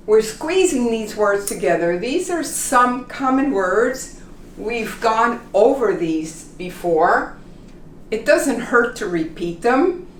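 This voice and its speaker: Slow, patient woman teaching pronunciation. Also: mid-range voice, echoey room, far from the mic, slight background noise. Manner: repeats example phrases slowly, checks in with "okay?". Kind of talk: slow, deliberate classroom instruction.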